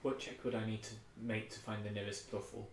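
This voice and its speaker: A man's voice: on the low side, flat delivery, fairly quick. A man playing a tabletop game, joking and laughing as he plays. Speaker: player. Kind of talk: casual tabletop game chat. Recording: distant echoey mic, noisy.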